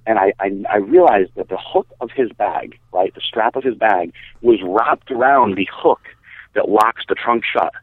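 A man telling a long story in casual podcast talk, animated, swearing and acting out what people said. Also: lowish voice, normal speed, no echo. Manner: animated, swearing, acts out quotes. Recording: dry, phone-like narrow sound.

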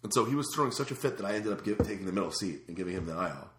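Man, podcast host, lowish voice, quick animated storytelling. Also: noisy background. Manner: animated, acts out quoted voices, swears casually. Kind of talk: casual storytelling chat. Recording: roomy echo.

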